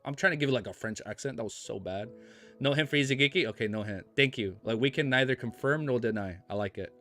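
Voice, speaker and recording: An American man streaming, who reads a novel aloud and breaks off for laid-back, excitable chat full of slang. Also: mid-range voice. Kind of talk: reading a novel aloud on a livestream, casual chat.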